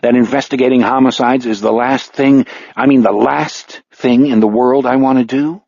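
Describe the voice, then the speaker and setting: A man voicing a weary retired male homicide detective in an audiobook, terse and guarded, with a husky tone. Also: mid-range voice, steady tone, normal speed, a little mellow, no echo, lo-fi sound. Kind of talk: audiobook character voice.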